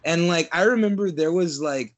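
A man co-hosting a podcast in casual chat, animated and quick to swear. His talk is heavy with fillers. His voice sits fairly high for a man. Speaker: podcast co-host.

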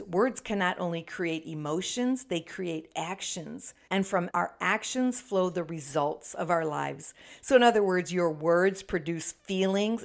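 Low, gravelly-voiced woman preaching motivation. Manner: emphatic, preacher-like delivery. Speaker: podcast host. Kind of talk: Christian motivational podcast talk.

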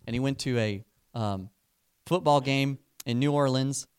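Man preaching with lively storytelling. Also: mid-range voice, smooth. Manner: animated, building excitement in the story; slows down and softens for emphasis. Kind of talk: sermon with storytelling.

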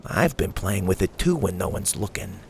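A man's voice: low voice, very animated, moderate pace, creaky, a little hiss or hum, pitched below the performer's own voice, heavily acted. A man doing a sly, teasing old grandma. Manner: teasing, gently mocking. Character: elderly woman, sly, calm, playful grandma.

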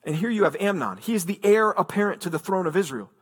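A man's voice: high-pitched, animated, quick pace, breathy edge. A man preaching a sermon as pastor, reading scripture aloud and then explaining it in an earnest, emphatic way.

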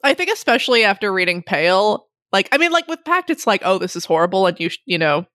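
A woman's voice: medium pitch, fast, no echo, clean studio sound. Laughing, rambling young woman chatting. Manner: rambling, laughing often, animated retelling. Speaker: book podcast co-host. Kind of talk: casual chat.

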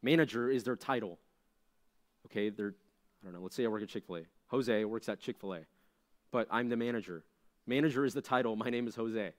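A young adult man preaching a conversational sermon to junior high students, animated and full of rhetorical questions. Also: brisk, pauses often. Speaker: youth pastor.

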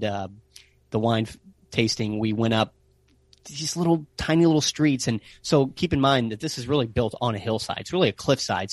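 An American man casually telling travel stories in an interview, animated and sprinkling in playful Italian phrases. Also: medium pitch, dry recording. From United States. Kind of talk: casual storytelling chat.

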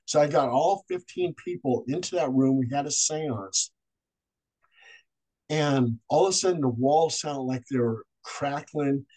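Male podcast guest, paranormal investigator, animated storyteller who does the voices, mid-pitched. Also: low-quality recording.

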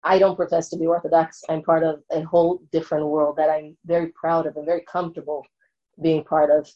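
A woman's voice: low voice, flat delivery, a little fast, dull audio. A woman lecturing and answering an audience question in an earnest way, often checking in with her listeners.

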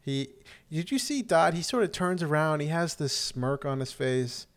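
A man's voice: a little high, animated, moderate pace. A man chatting casually as a podcast co-host, recapping a TV episode with lots of ums and restarts. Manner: rambling, many "um"s and restarts, acts out quotes.

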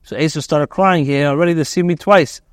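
Male rabbi, slightly high voice, dry close sound, halting read-and-translate delivery. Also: smooth, no room sound. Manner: halting, with frequent restarts and fillers. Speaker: rabbi teaching Torah. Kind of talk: reading and translating text aloud.

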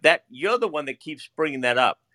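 A man's voice: a little high, lively intonation, brisk, no echo. A man hosting a live debate, arguing heatedly, swearing and talking over the others. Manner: profane, forceful, talks over others. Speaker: debate show host.

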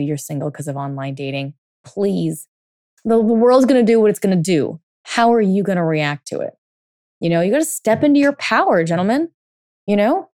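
A woman's voice: medium pitch, expressive, moderate pace, warm tone, no room sound, clean studio sound. A woman coach telling a story in a casual monologue, full of fillers, then turning blunt and emphatic, with some swearing. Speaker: dating and life coach.

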